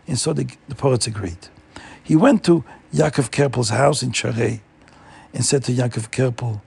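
A man telling a Jewish folk story in an animated way, repeating words for emphasis. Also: medium pitch, brisk, gravelly, husky.

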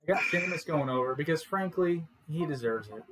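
A man's voice: on the high side, expressive, a little fast, fairly bright tone, breathy edge, rough recording. A man co-hosting a podcast in casual chat, blunt and grumbling, swearing casually. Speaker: podcast co-host.

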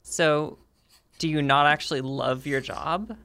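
A woman player in a tabletop role-play who argues in character in a rambling way. Her voice is very low and gravelly. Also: steady tone, unhurried, a bit bright, no echo. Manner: rambling, argumentative.

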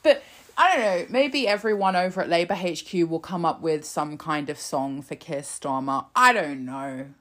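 A woman's voice: low voice, moderate pace. A woman hosting a political podcast in casual, sarcastic commentary, swearing freely and laughing at her own tangents.

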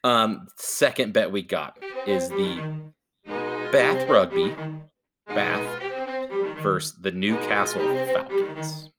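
A man's voice: fairly low pitch, lively intonation, slow, long pauses. Laid-back man hosting with music behind. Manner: laid-back, joking, calls cohost baby. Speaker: podcast host. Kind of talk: casual chat.

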